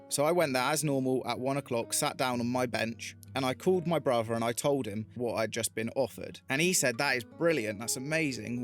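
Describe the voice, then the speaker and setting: A man vlogging in an earnest, motivational way, telling stories and giving advice. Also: medium pitch. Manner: earnest, motivational, retells a parable. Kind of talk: reflective talking-head storytelling.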